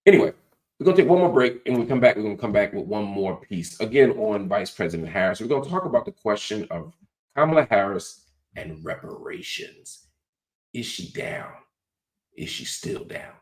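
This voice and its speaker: A man's voice: medium pitch, a little mellow, reverberant. A man hosting a political commentary show, teaching in an emphatic, preacher-like cadence. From United States. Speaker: host.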